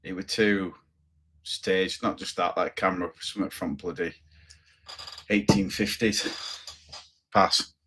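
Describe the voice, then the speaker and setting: A man's voice: sits low, steady tone, measured pace, pauses often, a bit bright, a little hiss or hum. A man hosting a livestream, reacting to clips with blunt, sceptical, swearing commentary. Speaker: livestream host.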